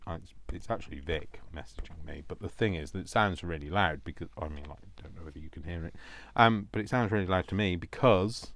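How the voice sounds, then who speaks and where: A man with a deep, low-pitched voice hosts a casual crafting video. He rambles cheerfully and pokes fun at himself. He keeps breaking off to talk to himself as he works at his table. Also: a little fast, hardly any pauses, a bit bright, dry recording. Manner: rambling, self-mocking, talks to himself. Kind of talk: casual crafting chat while working.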